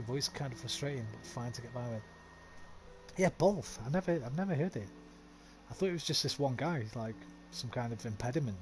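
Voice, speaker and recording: A man's voice: medium pitch, a little mellow, a little hiss or hum. A man with a West Midlands accent giving casual, rambling commentary while streaming a game, swearing freely. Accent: West Midlands English.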